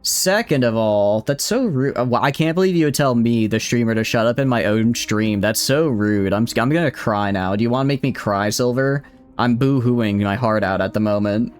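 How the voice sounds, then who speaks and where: A man's voice: mid-range voice, moderate pace, clear, resonant tone, faint music behind. A man with a Southern US accent, a game streamer talking playfully and teasingly to his chat while he plays. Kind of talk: casual live-stream chat.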